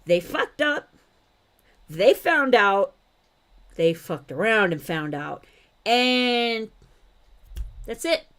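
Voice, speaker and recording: A woman's voice: a little high, lively intonation, extremely slow, long pauses, a bit bright, smooth. A woman hosting a reaction video, talking back to a clip in blunt casual commentary and swearing freely.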